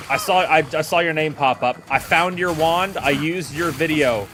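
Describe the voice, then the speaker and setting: Over music, a slightly high-voiced man talks at a normal speed with few pauses. He's live-streaming a game, relaxed with his viewers and tending to repeat words while he works out his thoughts.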